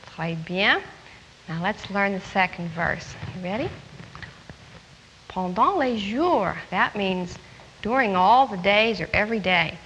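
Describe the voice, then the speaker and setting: A woman teaching young children French words and a song, speaking slowly and clearly and repeating each phrase. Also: medium pitch, lively intonation, bright, forceful tone, slight background noise. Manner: slow, clearly enunciated, patient, repeats words; sings song lines. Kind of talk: children's language lesson. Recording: long hall reverb with faint music.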